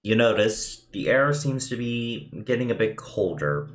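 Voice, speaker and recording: A man narrating a tabletop game as game master, slow and halting, making little sound effects as he goes. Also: mid-range voice, expressive, reverberant.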